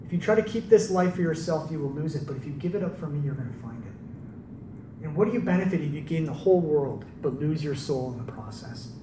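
High-voiced man preaching in a roomy hall. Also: fast. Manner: conversational, animated storytelling with rhetorical questions. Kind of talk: sermon. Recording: roomy, distant mic with faint background noise.

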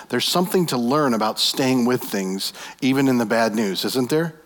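A man preaching in a big reverberant hall, his voice trailing off into a long echo. He retells a scripture story with lively imagination and keeps asking his listeners rhetorical questions. His pitch sits in the middle range. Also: moderate pace, few pauses. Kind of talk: sermon.

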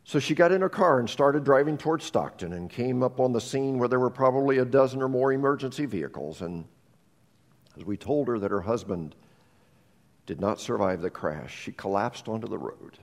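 A pastor with an expressive, mid-range voice preaches a sermon at a moderate pace in a church sanctuary. He tells stories earnestly, often restarting his sentences, and the long reverb of the church hall fills the recording.

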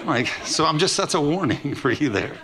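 A man pastor preaching a lively sermon, acting out quoted voices with humor. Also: a little high, a little fast.

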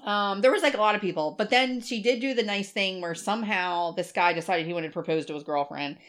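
A woman's voice: mid-range voice, a little fast. Chatty swearing woman telling a story. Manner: animated storytelling, swears freely, mimics voices. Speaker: podcast co-host. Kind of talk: casual chat.

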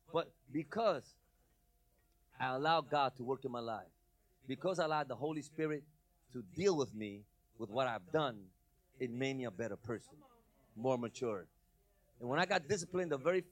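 A middle-aged male preacher telling stories in a sermon, moving from quiet asides to loud, emphatic preaching. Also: mid-range voice.

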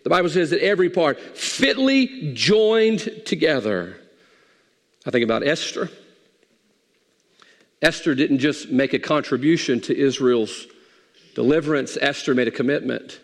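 Gravelly-voiced pastor preaching in a reverberant hall. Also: male voice, a little high, lively intonation, unhurried, long pauses. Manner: folksy, conversational preaching. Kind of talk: sermon.

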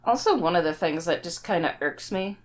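Blunt woman co-host, lowish voice. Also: expressive, brisk. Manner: blunt, wry commentary. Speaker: podcast co-host. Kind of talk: casual chat.

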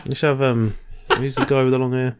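A man's voice: medium pitch, little pitch movement, fast talker, background noise. Man, podcast co-host, rambling, sweary, keeps losing his train of thought. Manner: rambling, searches for names, frequent swearing. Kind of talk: casual chat.

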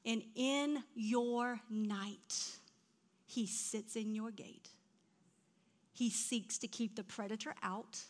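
A middle-aged woman preaching a sermon, telling stories in an animated way that drops to a hush and rises to loud outbursts. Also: fairly high pitch, slow pace. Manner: animated storytelling, swings from hushed to loud.

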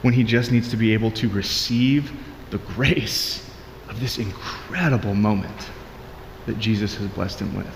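A man's voice: fairly low pitch, unhurried, roomy sound, long reverb tail, a little hiss or hum. A married man giving a conversational, earnest sermon as a pastor, with frequent restarts.

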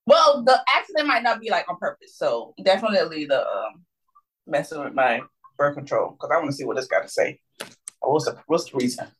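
A woman co-hosting a casual podcast, talking loudly and emphatically from her bathroom. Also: sits low, lively intonation, a little fast, slightly rough, poor audio. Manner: loud, emphatic. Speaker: podcast co-host.

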